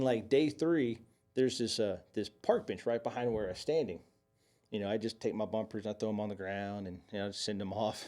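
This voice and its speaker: This man co-hosts a podcast, and his voice sits lowish with a darkish tone. In relaxed conversation he spins animated stories, wandering off track and often starting over.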